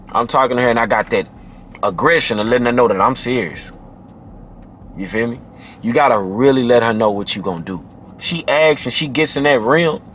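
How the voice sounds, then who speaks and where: A man giving casual dating advice to camera, emphatic and slangy, who drops into a deep low voice to demonstrate. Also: fairly bright tone, a little hiss or hum. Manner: emphatic and slangy, often adds "man" and "you feel me".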